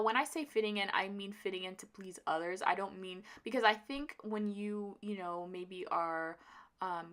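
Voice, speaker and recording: A young woman with a bright, clear voice talks straight to her camera in a loose, rambling vlog. She is emotional and near tears, and she trips over her words and fills gaps with "um" and "like." Her pitch sits right in the middle. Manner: casual, rambling, with many fillers and restarts. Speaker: vlogger. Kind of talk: personal storytelling vlog.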